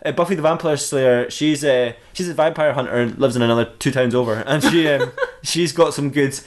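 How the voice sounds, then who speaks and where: A man's voice: mid-range voice, fairly quick. A man improvising a comic story, rambling, laughing and correcting himself as he goes.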